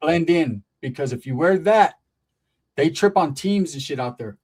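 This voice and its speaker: A man's voice: fairly high pitch, lively intonation, moderate pace, a little mellow, breathy edge. A man hosting a casual podcast chat, from Northern California, telling loose, profane stories in street slang. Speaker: podcast host. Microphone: streaming setup.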